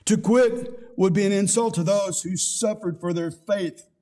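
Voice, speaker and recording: High-voiced older male pastor preaching. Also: measured pace, mellow. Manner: preaching with rising emphasis and scripture quotes. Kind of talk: sermon.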